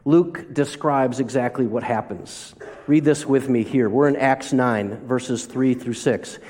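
A man's voice: mid-range voice, a little slow, a little mellow. A man preaching a sermon as a pastor, telling stories and asking the listeners rhetorical questions. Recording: long reverb of a large hall.

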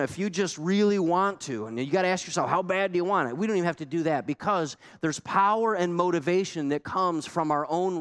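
Guy preaching a sermon, pastor vibe, punchy and chatty, lots of questions to the crowd. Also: on the high side. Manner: emphatic, conversational preaching with rhetorical questions.

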